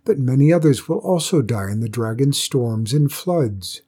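A man's voice: mid-range voice, animated, moderate pace, mellow, husky. A man voicing worried village parents who plead anxiously. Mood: fearful.

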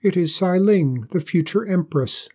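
A man's voice: medium pitch, lively intonation, moderate pace, mellow, breathy edge. A man voicing a brave young girl who is to become empress, earnest and resolute, in a storybook reading. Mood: determined.

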